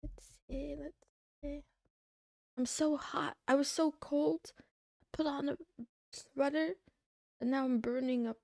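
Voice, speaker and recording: A young woman chatting on a livestream, her slightly high voice full of creaky fry. She rambles as she browses, thinks out loud and trails off mid-thought. The sound is dry and close to the mic. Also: steady tone, measured pace, pauses often, dry recording. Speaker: streamer. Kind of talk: casual livestream chat.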